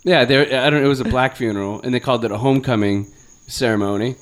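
A man hosting a podcast in casual comedic chat, joking and animated, sometimes trailing off into quiet asides. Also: medium pitch, fast talker. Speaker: podcast host.

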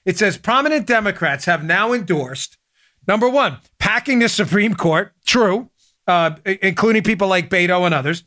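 Animated, chatty male podcast host. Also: high-pitched, moderate pace, no room sound, clean studio sound. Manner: animated, chatty, talks over clips. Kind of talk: political commentary show.

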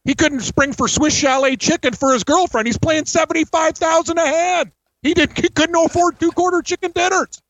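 A man's voice: very high voice, steady tone, normal speed, a bit bright, no room sound, muffled recording. A man co-hosting a sports betting show in casual chat, a joking storyteller who acts out what others said. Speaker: co-host.

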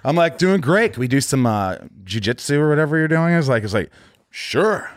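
A man telling a showbiz story with lots of life, his pitch leaping up and down as he acts out the people in it. The sound is close and dry. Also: fast, dry recording. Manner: animated storyteller, acts out quotes. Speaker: actor guest. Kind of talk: casual chat.

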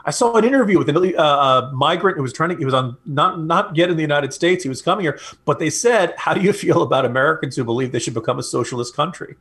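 A man's voice: fairly high pitch, lively intonation, fast talker, hardly any pauses, fairly bright tone, breathy edge. A man co-hosting a political podcast, making his points emphatically and repeating them for stress. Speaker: podcast co-host. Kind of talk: political commentary chat.

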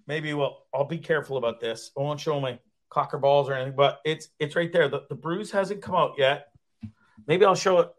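A man's voice: a little high, no room sound. Canadian guy hosting a casual show, cussing and joking at himself, dry. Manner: crude, joking, self-deprecating storyteller. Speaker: show host. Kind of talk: casual livestream chat.

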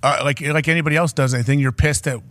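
A man hosting a casual sports talk show, leading the banter with quick, teasing questions. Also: a little high, fairly even intonation, a bit bright, no room sound, studio quality. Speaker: sports show fill-in host.

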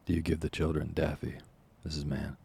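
A man's voice: a bass voice, flat delivery, brisk, creaky, dark tone, breathy edge, full character voice. A man voicing a fat, pompous, short-tempered parish official who likes to orate. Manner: pompous, self-important oratory.

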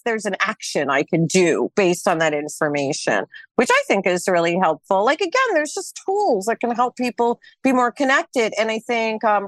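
Animated American woman telling lively stories. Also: a little high, no room sound. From United States. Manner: animated storyteller who acts out quotes and laughs often. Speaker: guest, tarot reader and actress. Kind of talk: casual podcast conversation.

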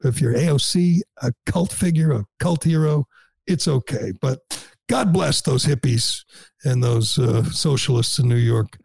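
A man's voice: medium pitch, measured pace, creaky, a little mellow, slightly rough, no echo. A man hosting a talk radio show, delivering sarcastic, mocking opinion commentary.

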